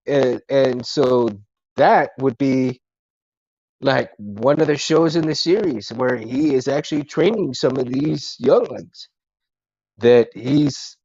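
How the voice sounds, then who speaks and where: A man's voice: mid-range voice, a little mellow, slightly rough, no echo, dull audio. A man hosting a casual live stream, talking to his chat in a rambling, friendly way and calling everyone dude and man.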